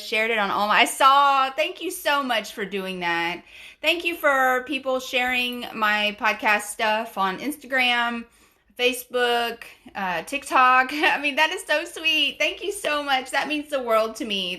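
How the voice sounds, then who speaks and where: A woman's voice: on the high side, bright, forceful tone. Bubbly, gushing woman live-streaming. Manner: bubbly, gushing, repeats herself. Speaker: live stream and podcast host. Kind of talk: casual live stream chat, reading viewer comments aloud.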